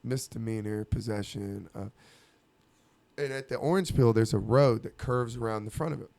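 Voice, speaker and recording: Dry-sounding animated male storyteller. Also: medium pitch, brisk, creaky, no room sound. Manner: animated, laughs often, acts out quoted voices. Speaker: podcast host telling a story. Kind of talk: casual storytelling.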